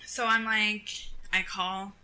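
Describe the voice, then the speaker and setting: A young woman co-hosting a casual chat, telling a story in an animated way and acting out what people said. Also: mid-range voice, slow, slight background noise, low-quality recording. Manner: animated storyteller, acts out quotes, laughs often. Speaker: podcast co-host.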